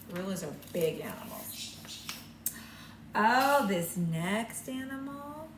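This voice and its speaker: An older woman teacher reading a picture book aloud to young children and showing the signs, in a slow, sing-song storytime voice. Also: medium pitch, noisy background. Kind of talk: read-aloud lesson with sign language for children. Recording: echoey room, mic at a distance, faint ambience.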